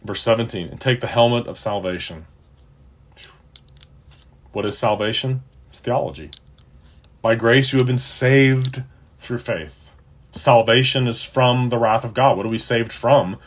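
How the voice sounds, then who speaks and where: A man preaching an earnest sermon to his listeners, emphatic, swinging between loud and quiet. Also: medium pitch, unhurried, pauses often. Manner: earnest, emphatic, rises and drops in loudness. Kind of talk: sermon-style teaching.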